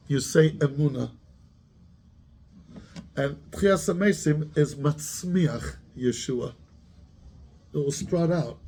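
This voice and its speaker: A man's voice: fairly high pitch, darkish tone, slightly rough. A man, a rabbi giving a Torah class who keeps asking his students questions and mixes Hebrew terms into his English.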